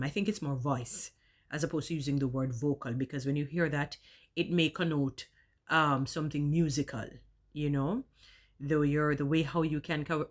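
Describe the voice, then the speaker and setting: A woman's voice: sits low, a bit bright. A woman talking casually in a vlog, choosing elaborate words and savouring how she says them.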